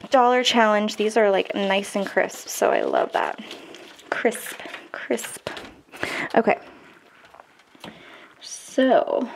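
A woman's voice: medium pitch, slight background noise. A woman in her twenties, chatting casually to camera as a budgeting vlogger and counting cash aloud in a bubbly way. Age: 20s.

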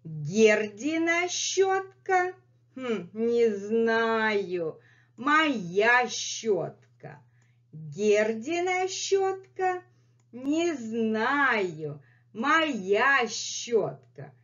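A woman voicing a stubborn, possessive pet puma that answers slowly with high, teasing questions. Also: very animated, a bit bright, heavily acted. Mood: coy teasing. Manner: slow drawn-out teasing replies with high squeaky questions. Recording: dull lo-fi sound.

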